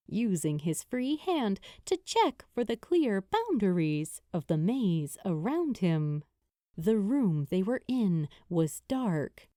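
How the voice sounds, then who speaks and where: A woman narrates a fantasy novel, unhurried and deliberate, her mellow voice rising and falling with the story. The sound is dry and close, with no room around it. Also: medium pitch, dry recording. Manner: measured, expressive storytelling. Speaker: audiobook narrator. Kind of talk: scripted narration.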